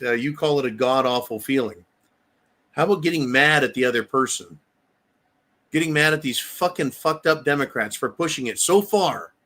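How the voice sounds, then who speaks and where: A man's voice: medium pitch, bright, forceful tone. A middle-aged man hosting a live stream, reading viewer comments and answering them in a profane, emphatic rant.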